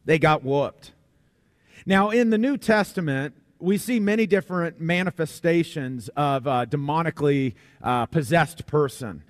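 A man's voice: fairly high pitch, unhurried, no echo, clean studio sound. Folksy, conversational male preacher. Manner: conversational, repeats words, folksy humor. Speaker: pastor. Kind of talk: sermon.

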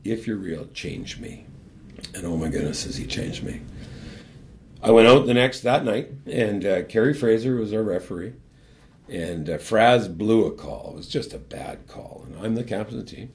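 An older man, a former hockey captain, telling his personal faith story as a guest in an earnest, animated way and then leading a prayer. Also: on the low side, moderate pace.

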